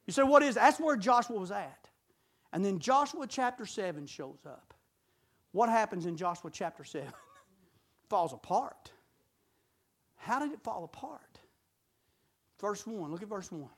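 A middle-aged man preaching a sermon, folksy and full of rhetorical questions, swinging from shouts to low intimate talk. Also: expressive, a little slow, long pauses.

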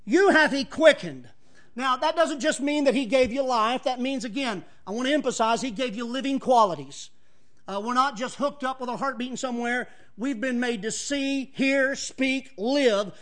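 Male pastor, very high pitch, animated preacher who shifts between casual asides and emphatic scripture reading. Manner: conversational asides with chuckles to the congregation. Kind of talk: sermon. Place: church.

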